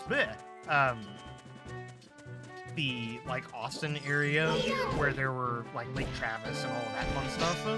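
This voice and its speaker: A streamer giving casual, rambling gameplay commentary with casual swearing. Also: mid-range voice. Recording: game music under the voice. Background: game music.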